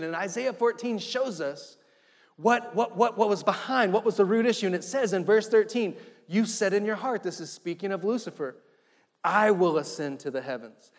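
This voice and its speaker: A middle-aged man preaching a sermon as pastor, driving points home with repetition and rising emphasis. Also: sits high. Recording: long hall reverb.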